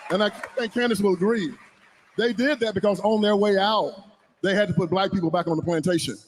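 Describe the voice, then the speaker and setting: High-voiced man speaking forcefully. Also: fairly even intonation, a little fast. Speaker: panelist. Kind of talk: heated political panel talk.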